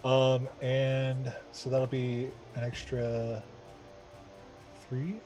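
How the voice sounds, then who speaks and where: A man plays a tabletop game, checking his rolls slowly and hesitantly with many fillers. Faint music plays behind him. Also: mid-range voice, monotone. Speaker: player. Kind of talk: tabletop game play, casual.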